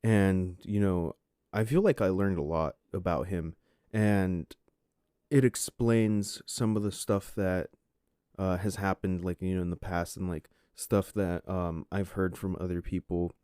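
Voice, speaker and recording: A man's voice: deep voice, fairly even intonation, a little slow, dark tone, smooth, dry recording, clean studio sound. A man in his twenties hosting a podcast, telling a story casually and rambling with lots of "like" and "you know" fillers. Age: 20s. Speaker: podcast host.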